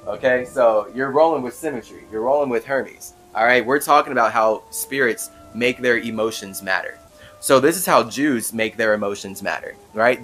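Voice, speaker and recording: Young man telling a story. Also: medium pitch. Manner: animated storytelling with many "like" fillers and laughs. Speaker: podcast host. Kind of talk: casual monologue.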